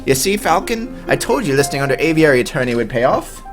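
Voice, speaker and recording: Man playing an eager young assistant, keen, bright, bouncy pitch. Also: sing-song, fast, music in the background.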